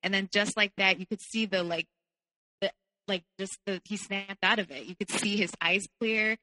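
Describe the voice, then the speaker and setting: A woman's voice: medium pitch, normal speed, pushed and bright, long reverb tail, low-quality recording. A woman guest telling her personal story candidly, peppering her speech with "like". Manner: candid, heavy use of "like". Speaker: podcast guest.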